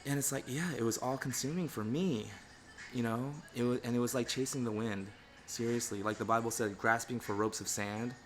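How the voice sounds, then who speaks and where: A man's voice: mid-range voice, a little fast, a little hiss or hum. A middle-aged man talking candidly and reflectively in a casual livestream, with lots of "you know" fillers. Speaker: pet groomer and channel host.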